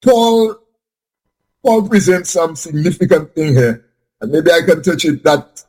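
A man with a slightly high, husky voice talks through a scripture point in a Bible study discussion. He stumbles, repeats words and circles back as he searches for the right phrasing. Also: a little slow, a little mellow.

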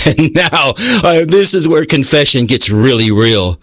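A man's voice: on the high side, lively intonation, normal speed, fairly bright tone, dry recording. A man preaching a sermon in an earnest, conversational way, telling a personal story and reading passages aloud.

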